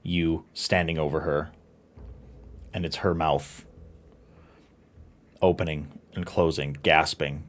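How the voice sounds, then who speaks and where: A man narrating as game master, telling a grim scene in a measured, solemn way. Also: rumbling low, steady tone. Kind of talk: slow dramatic narration of a nightmare scene.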